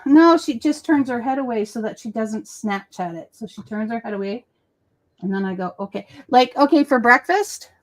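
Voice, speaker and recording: A woman with a fairly high voice chatting casually on a crafting stream. She tells stories in a relaxed, chatty way and keeps turning aside to coo baby talk at her dog over the video call. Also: moderate pace. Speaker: co-host of a crafting livestream. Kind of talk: casual chat.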